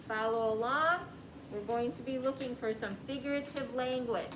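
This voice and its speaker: Female teacher guiding her class with questions, echoey room with clear ambience behind her. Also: fairly high pitch, normal speed, background noise. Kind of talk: classroom reading lesson.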